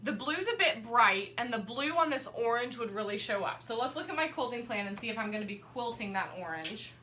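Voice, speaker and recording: A woman's voice: fairly high pitch, animated, fairly quick, sharp tone. Chatty woman teaching quilting. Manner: chatty, friendly, addresses viewers directly. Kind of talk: live-streamed quilting demonstration. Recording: echoey room.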